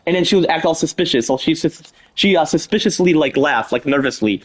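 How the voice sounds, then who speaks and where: A man with a voice on the high side talks fairly quickly with few pauses while live streaming, loosely working out a story full of false starts and "pretty much" fillers. The recording is rough, with a little hiss or hum.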